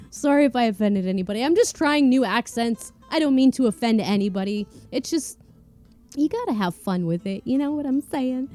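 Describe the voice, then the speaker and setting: A woman casually reading online stories aloud to her viewers in a playful, animated way. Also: a little high, moderate pace, faint music behind. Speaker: YouTube story narrator.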